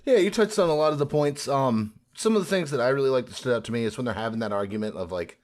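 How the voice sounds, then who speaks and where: A man co-hosting a podcast in casual chat, animated, recapping scenes and acting out quoted lines. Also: medium pitch, fast. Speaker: podcast co-host.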